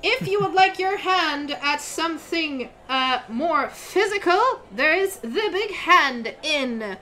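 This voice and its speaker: A woman's voice: high voice, lively intonation, slow pace, sharp tone, a little hiss or hum, pitched above the performer's own voice, full character voice. A woman voicing a fourteen-year-old half-elf boy who works as a town crier, announcing in a pompous way with sighing asides.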